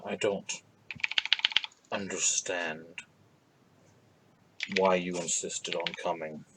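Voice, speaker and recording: A man voicing an ancient, weary crowned man who speaks quietly and with resignation. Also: low voice, steady tone, takes it slowly, very noisy, pitched below the performer's own voice.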